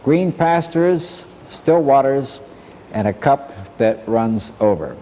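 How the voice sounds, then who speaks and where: A man giving an earnest, measured Bible lesson and quoting verses as he teaches. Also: lowish voice, animated, dark tone, long reverb tail, slight background noise.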